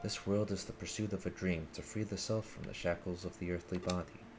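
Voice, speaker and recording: An earnest young hacker leader who speaks in formal, solemn sentences about protecting his world, read by a man in his own deep voice. The voice sits very low. Game music plays clearly behind him. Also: steady tone, fairly quick.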